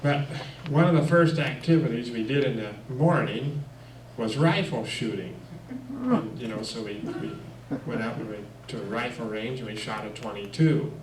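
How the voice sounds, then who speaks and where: A man's voice: mid-range voice, normal speed, a little hiss or hum. Folksy male storyteller in an echoey hall. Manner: folksy, lively anecdotes with chuckles and fillers. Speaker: guest speaker. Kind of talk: personal storytelling talk. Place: church hall. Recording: echoey room, mic far off.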